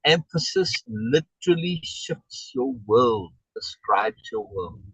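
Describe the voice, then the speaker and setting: A man's voice: fairly high pitch, huge pitch swings, slow, creaky, slightly rough, no room sound, rough recording. A man coaching someone over a video call, emphatic and repeating key words for stress. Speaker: life coach.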